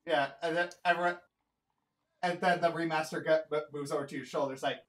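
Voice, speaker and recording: A man narrating a tabletop game as game master, in a lively, animated way. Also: a little high, brisk, far from the mic, poor audio.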